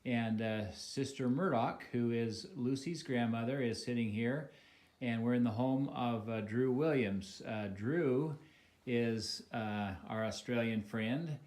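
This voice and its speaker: An American man steers a casual home-video interview from a living room. He talks in a halting way, with frequent fillers and false starts, at a middle pitch that is neither high nor low. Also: a little mellow. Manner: halting, many fillers and restarts.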